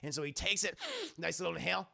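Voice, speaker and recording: High-voiced, gravelly man ranting through a movie recap. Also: pushed and bright. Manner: rambling, profane, acts out characters in quick voices. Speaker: streamer reviewing a movie. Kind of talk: comedic movie recap for a live chat.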